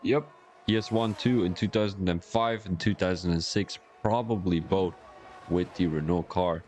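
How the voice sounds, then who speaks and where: Give me a low-pitched man giving chatty, joking live-stream race commentary. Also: normal speed, darkish tone. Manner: rambling, joking, chatty asides. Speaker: sim racing league commentator.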